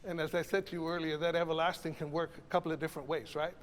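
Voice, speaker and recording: An older man leading a choir rehearsal as conductor, animated, demonstrating phrases by singing them. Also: a little high, quick pace, long reverb tail. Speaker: choral conductor. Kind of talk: choral masterclass rehearsal.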